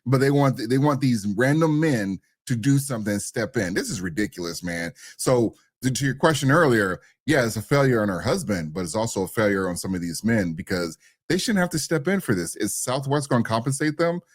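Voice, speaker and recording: A man co-hosting a podcast, reacting to a viral clip in animated, emphatic casual commentary. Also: medium pitch, brisk, few pauses, no room sound, studio quality. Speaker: podcast co-host.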